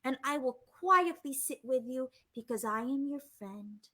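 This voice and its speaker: A woman voicing a quiet, caring little penguin friend in a storybook, speaking in a hushed, soothing way. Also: high-pitched, expressive, measured pace, heavily acted.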